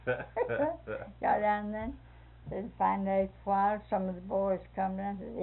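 Slow, gravelly older woman. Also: mid-range voice, lively intonation. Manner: laughs through her story, folksy dialect. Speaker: storyteller. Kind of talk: casual reminiscing storytelling. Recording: tinny phone-like recording.

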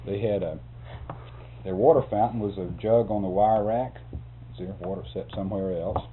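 A man with a lowish voice tells a story in a loose, rambling way, chuckling as he goes. The sound is thin and phone-like, with a faint hum behind him. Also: fairly even intonation, normal speed. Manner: chuckles often, rambling, restarts words. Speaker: interviewee telling a work story. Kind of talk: casual storytelling.

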